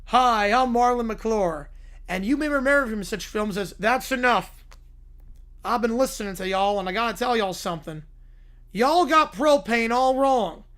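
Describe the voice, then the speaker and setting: Guy putting on a hoarse pompous cartoon actor, slow and announcey. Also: very high voice, expressive, fairly bright tone. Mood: smug.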